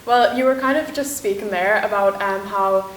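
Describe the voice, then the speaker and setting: A woman's voice: medium pitch, moderate pace. A woman interviewing a guest on stage, asking questions with hesitant fillers. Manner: brief encouraging replies, questions with fillers. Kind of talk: conducting a live interview. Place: lecture room in a university building. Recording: roomy lecture hall with faint hiss.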